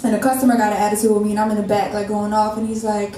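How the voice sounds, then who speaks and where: A woman's voice: a little high, very fast, few pauses. A young woman in casual conversation, telling her personal story and acting out the dialogue as she speaks. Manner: animated, acts out quoted dialogue. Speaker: interview guest. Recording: echoey room from far off, faint noise.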